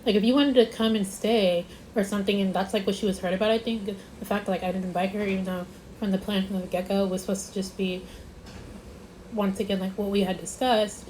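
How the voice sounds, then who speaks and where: A woman's voice: mid-range voice, fairly even intonation, fast, darkish tone, slight background noise, poor audio. A young woman vlogger telling a casual storytime, rambling with lots of "like" and stressing her points. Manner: rambling, repeats herself, lots of "like".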